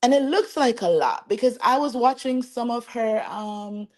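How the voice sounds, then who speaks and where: A woman hosting a celebrity gossip show, giving chatty, animated commentary and talking straight to her viewers. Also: a little high, normal speed. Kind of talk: casual commentary to camera.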